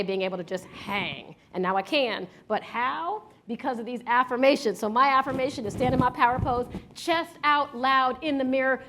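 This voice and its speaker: A woman leading a live workshop, answering audience questions in an energetic, emphatic, conversational way. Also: a little high. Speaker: workshop leader.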